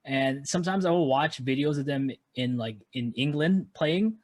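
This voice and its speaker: Laid-back man, slightly high voice. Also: normal speed, darkish tone. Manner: laid-back, swears casually. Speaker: podcast co-host. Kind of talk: casual chat.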